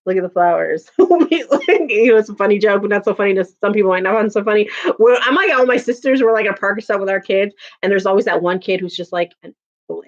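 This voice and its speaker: Woman, thirties, live streamer, casual chat, laughs a lot, mid pitch, dull recording. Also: quick pace. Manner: chatty, laughing, reacting to viewer comments.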